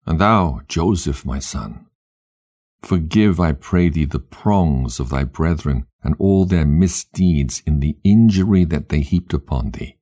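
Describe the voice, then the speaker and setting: A man voices a dying old patriarch who gives his sons a grave last charge. The voice is deep, dark and husky. The reading is unhurried and solemn, a storybook scripture reading. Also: heavily acted. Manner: solemn, measured exhortation.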